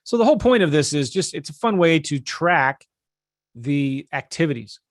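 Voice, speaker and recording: A man's voice: fairly high pitch, normal speed, no echo, studio quality. A man teaching real estate investing on a live webinar, talking casually and energetically while he shares his screen. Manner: casual, energetic, talks straight to viewers.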